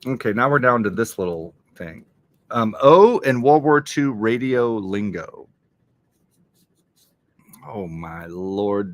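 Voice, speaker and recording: This livestream host speaks slowly in an expressive voice on the low side, pausing often. He reads crossword clues aloud and mutters guesses while solving, in a relaxed live-stream setting.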